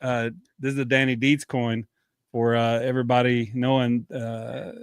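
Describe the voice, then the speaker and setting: A man on a podcast giving relaxed shout-outs with lots of "uh" fillers. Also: medium pitch, normal speed, clear, resonant tone, no room sound, clean studio sound. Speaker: podcast co-host.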